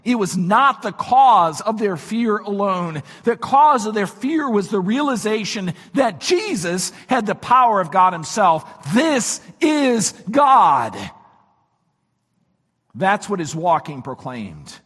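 A man preaching a sermon, his voice weak this morning, swinging from shouts to near-whispers. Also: sits high, animated, unhurried, few pauses, husky, big-room sound. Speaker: pastor.

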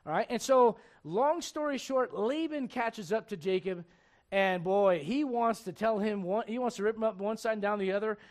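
A man preaching a sermon, telling a Bible story in a lively, conversational way, acting out the characters and asking his listeners questions. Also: high voice, moderate pace. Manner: animated storytelling, acts out characters, asks the crowd questions. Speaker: pastor.

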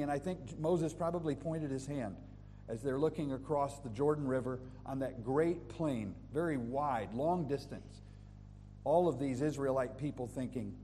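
A male pastor preaching a sermon, who moves between loud emphatic scripture reading and soft intimate prayer. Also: mid-range voice, normal speed, long reverb tail, slight background noise. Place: church sanctuary.

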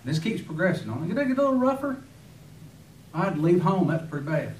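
A man's voice: high-pitched, very animated, fast talker, a little hiss or hum. A man preaching a sermon with fervor, firing rhetorical questions and breaking into sudden emphatic bursts. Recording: echoey room, voice from far off.

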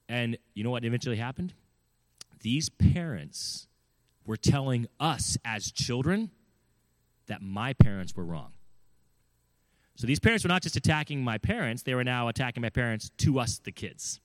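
A man's voice: medium pitch, animated, normal speed, no room sound. A man telling a personal story in an earnest, emphatic way, often asking his listeners questions. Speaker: speaker giving parenting advice. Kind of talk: storytelling talk.

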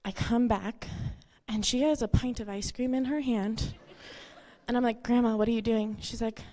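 A woman's voice: on the high side, fairly even intonation, normal speed, warm tone. A woman giving a eulogy for the woman she took as her grandmother, telling personal stories, acting out quotes and laughing through tears.

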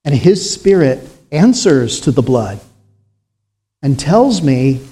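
A man preaching a sermon in a slow, solemn way, with dramatic pauses and rising emphasis. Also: medium pitch, big pitch swings, dark tone.

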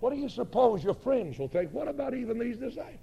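A man's voice: very high voice, very animated, fast talker, creaky, warm tone, muffled recording, a little hiss or hum, pitched above the performer's own voice, exaggerated voice. A man voicing a sly male inner voice of temptation that needles and mocks. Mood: needling. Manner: needling, mocking.

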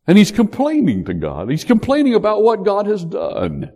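Man, preacher, sermon, emphatic, fairly high voice, very lively pitch. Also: normal speed. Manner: animated, emphatic, acts out quotes.

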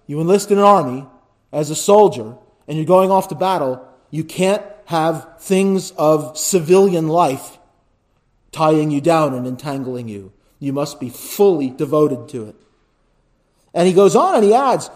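A man with a high voice preaching a sermon as pastor. He builds to loud, emphatic lists and then drops to quiet pleading. He keeps checking in with his listeners by asking "right?". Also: animated, unhurried. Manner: asks the congregation "right?".

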